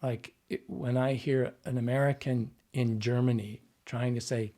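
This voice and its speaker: A man's voice: medium pitch, steady tone, a little slow, warm tone. A man being interviewed as a dialect coach, explaining his craft step by step in a teaching manner. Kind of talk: podcast interview conversation.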